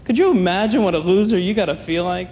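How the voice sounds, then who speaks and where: A man doing a stand-up comedy set on a comedy club stage, wry and conversational, slipping into quick voices for his bits. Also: high-pitched, darkish tone. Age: older than 30. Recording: long hall reverb, clear room noise, 1990 TV taping.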